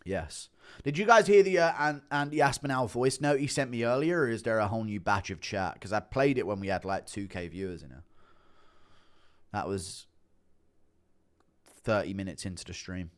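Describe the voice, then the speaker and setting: A man's voice: lowish voice, moderate pace. A man streaming live, chatting casually and laughing often as he reads out his chat on a streaming mic. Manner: laid-back, chuckling, reads chat aloud.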